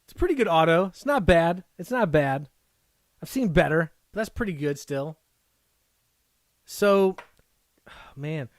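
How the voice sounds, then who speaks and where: An excitable man hosts a live card break, his slightly high voice swinging up and down as he talks at an unhurried pace. He rambles in chatty asides and breaks into gasps and whoops over good pulls. The sound is dry and close. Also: no room sound.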